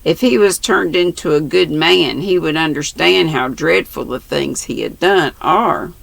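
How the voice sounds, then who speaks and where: A grandmother voicing an earnest, shy and blunt little boy who talks gravely in a storybook reading. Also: deep voice, measured pace, no room sound, exaggerated voice.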